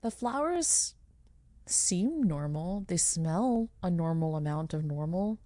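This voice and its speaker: A woman's voice: on the low side, lively intonation, slow, warm tone, no echo. Woman game master narrating a tabletop game, chatty, lots of ums and restarts, dry close mic. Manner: chatty, laughing, many fillers and restarts.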